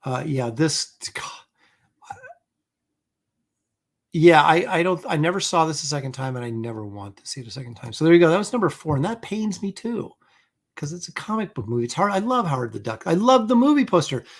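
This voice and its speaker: He talks fast in a fairly high voice that swings widely in pitch. This middle-aged man hosts a live comic art stream, speaking casually while rambling, mocking himself, and stumbling through many fillers and false starts.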